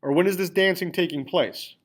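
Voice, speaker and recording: A man's voice: sits high, fairly quick. A man teaching a class, explaining grammar step by step, spelling out endings and checking in often with the students. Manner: repeats "all right?" and checks in with students. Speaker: Spanish teacher. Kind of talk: classroom lesson with screen typing.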